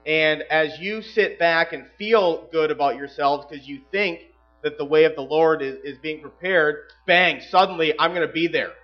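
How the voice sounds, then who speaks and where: A man preaching a sermon as pastor, emphatic, swinging between loud passages and hushed asides. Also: on the high side, moderate pace, muffled recording, faint music behind.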